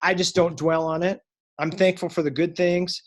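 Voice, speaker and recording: High-voiced upbeat man telling stories. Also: level tone, normal speed. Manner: upbeat, motivational storyteller. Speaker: salon owner and guest speaker. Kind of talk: casual storytelling on a recorded call.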